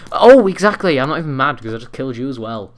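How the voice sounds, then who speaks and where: A young man commentating his own game, rambling and swearing, breaking into angry yells. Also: mid-range voice, rapid-fire. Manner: swears a lot, rambling, bursts into angry yelling. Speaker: gaming commentator. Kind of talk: live gameplay commentary. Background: faint keyboard clicks and typing.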